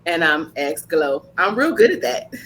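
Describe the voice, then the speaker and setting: A woman hosting a casual podcast chat, telling blunt, animated stories laced with slang. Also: low-pitched, measured pace, a little hiss or hum. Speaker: podcast host.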